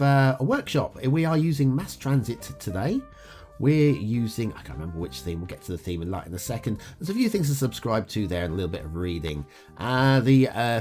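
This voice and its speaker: A man with a fairly low voice hosts a game review show in an upbeat, chatty commentary style. His pitch rises and falls a lot as he talks, and he drops in plenty of "uh" fillers. Faint guitar music plays underneath. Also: a little mellow. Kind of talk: casual gameplay commentary.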